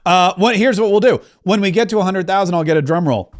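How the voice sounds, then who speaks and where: A middle-aged man chats casually on his livestream, wandering from story to story and cracking jokes. His voice sits a touch higher than most men's. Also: a little fast. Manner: rambling, joking, reads out viewer comments. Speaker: livestream host.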